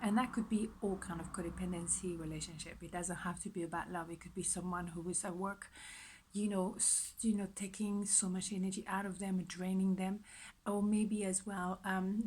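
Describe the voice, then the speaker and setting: A tarot reader gives a general pick-a-card reading in a chatty, repetitive, self-reassuring way, speaking softly and often dropping to a whisper. Her voice is lowish and husky, and the recording is rough.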